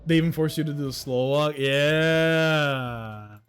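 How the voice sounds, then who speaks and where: A young man streaming a game, excitable and joking with his chat, swearing freely. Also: on the high side, slow, smooth, faint music behind. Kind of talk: casual gaming commentary.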